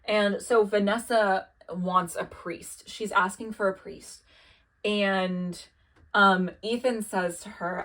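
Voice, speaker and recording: A woman's voice: mid-range voice, fairly even intonation, takes it slowly, a bit bright. A young woman doing a casual recap of a TV show, chatty and profane, with lots of "like" and "um". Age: young adult. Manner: casual and profane, lots of "like" and "um", quotes characters in an offhand way. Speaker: video essayist recapping a TV show.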